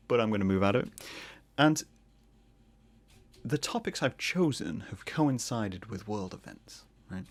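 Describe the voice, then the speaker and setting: A man talks through a solo podcast episode, rambling from thought to thought and joking along the way. His voice has a gravelly, fry-tinged edge, and he sits right on a close mic in a dry, dead room. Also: medium pitch, expressive, dry recording. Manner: rambling, jokey, breaks into quick put-on voices. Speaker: podcast host.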